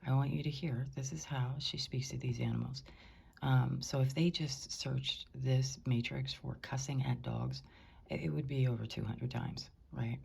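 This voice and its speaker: A woman speaking in a hushed, indignant way, often whispering, as she records from her bedroom on a top floor. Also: very deep voice, steady tone, normal speed, gravelly, slightly rough. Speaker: concerned housemate.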